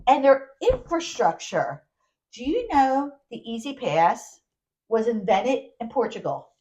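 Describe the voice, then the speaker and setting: A woman co-hosting a podcast, telling a travel story in casual chat, animated and full of restarts. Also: on the high side, measured pace, poor audio. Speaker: podcast co-host.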